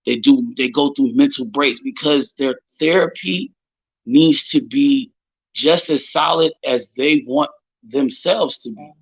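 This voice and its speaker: A man hosting a casual live-stream chat, talking in an animated, emphatic way and swearing often. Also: medium pitch, measured pace, breathy edge, lo-fi sound. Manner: animated, profane, emphatic storytelling. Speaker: host.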